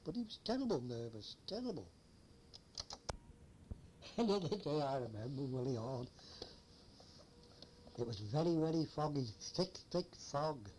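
Older man, somewhat high voice, rambling anecdotal teller, faint hiss behind. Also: animated, unhurried, pauses often, darkish tone. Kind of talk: oral history storytelling.

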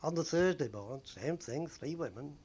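An older man telling stories from his days as a bus conductor, rambling with frequent pauses and fillers. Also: a little high, expressive, darkish tone, breathy edge. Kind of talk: oral history reminiscence.

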